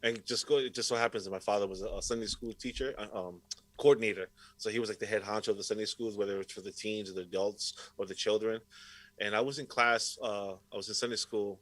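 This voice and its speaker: A man's voice: on the low side, fast, dry recording, poor audio. A man guesting on a podcast, telling stories in casual chat with constant swearing. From Puerto Rico heritage, raised in Rhode Island area. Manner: swears constantly, animated storytelling.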